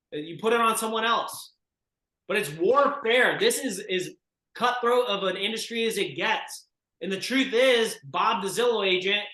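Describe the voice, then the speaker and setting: A man coaching real estate agents in a group session, forceful and emphatic as he urges them on. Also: sits high, echoey room, rough recording. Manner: forceful and emphatic, urging listeners on.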